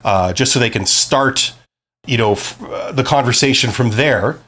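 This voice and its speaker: A man's voice: medium pitch, moderate pace, pushed and bright. A man hosting a live stream, giving career advice in a conversational, explanatory way and often checking in with "right?".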